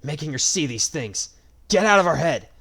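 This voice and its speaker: A man's voice: mid-range voice, animated, fairly quick, natural voice. A man doing a defiant young swordsman. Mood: furious. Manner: cold, defiant, sharp-edged. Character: angry young male swordsman hero.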